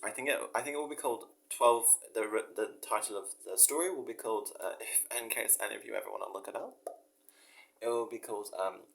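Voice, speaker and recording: A man's voice: fairly low pitch, steady tone, fast talker, vocal fry, fairly bright tone. A man, a professor and musician, rambling casually and reading his own story aloud, self-mocking, swearing freely and laughing at himself.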